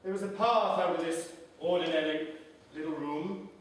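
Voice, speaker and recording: An actor on stage playing a haunted professional man who tells the audience his story in a reflective, halting way. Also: on the high side, slight background noise, close to an everyday voice. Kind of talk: live stage play monologue. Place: small theatre stage. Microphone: distant room mic. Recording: echoey theatre taped from far off.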